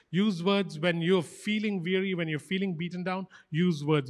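A man's voice: a little high, moderate pace. A man preaching a sermon as pastor, emphatic and fervent, repeating short phrases for stress. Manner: fervent, animated exhortation.

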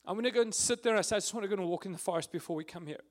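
A high-pitched man gives an earnest, emotional testimony at a prayer meeting. Now and then he's close to tears, and he pauses with fillers.

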